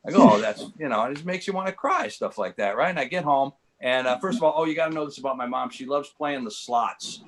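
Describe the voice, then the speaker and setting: A man in his sixties telling comic stories over a video call, rambling and halting with lots of fillers and dry, self-mocking punchlines. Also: mid-range voice, expressive, a little hiss or hum. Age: 60s. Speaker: comedian guest. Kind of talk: stand-up storytelling.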